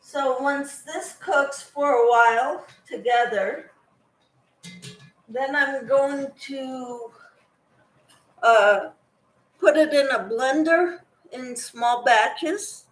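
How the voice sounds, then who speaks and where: A woman's voice: high-pitched, drawn-out words, long pauses, roomy sound, faint music behind. A woman hosting a casual crochet livestream, chatting with viewers by name while she cooks in her kitchen. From Kansas. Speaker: crochet channel host. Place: home kitchen.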